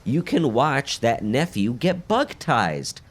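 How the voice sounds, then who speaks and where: A man voicing a pushy female mayfly who offers a secret view for cash, in a breezy sales-pitch manner. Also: sing-song, slow. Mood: chummy.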